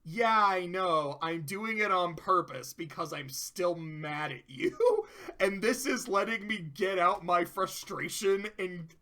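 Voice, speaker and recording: A reviewer voicing an excitable, clingy female cartoon pony in blurted, exaggerated retorts. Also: medium pitch, measured pace, hardly any pauses, voice pushed down. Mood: sulky.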